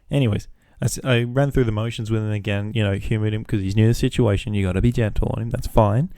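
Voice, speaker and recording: Guy on his podcast telling a work story, low voice, dry close mic, swears a lot and plays both sides of phone calls. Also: fairly even intonation, fast talker, few pauses, mellow, dry recording. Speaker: podcast host. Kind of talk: casual storytelling.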